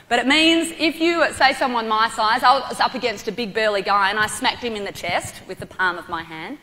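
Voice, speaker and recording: A woman from Australia giving a lively motivational talk to a young audience, leading a martial arts demonstration and calling out instructions. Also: high-pitched. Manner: energetic, playful instructor, shouts commands. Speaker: guest speaker, martial arts athlete. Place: large hall with audience. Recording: reverberant hall.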